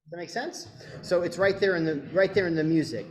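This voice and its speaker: A man's voice: a little high, a little fast, roomy sound. A man directing a choir rehearsal, coaching singers and demonstrating phrases. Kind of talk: rehearsal instruction.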